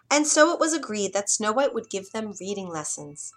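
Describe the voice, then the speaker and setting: A woman reading a fairy tale aloud in an expressive, dramatic storybook manner. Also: mid-range voice, moderate pace, hardly any pauses, soft background music.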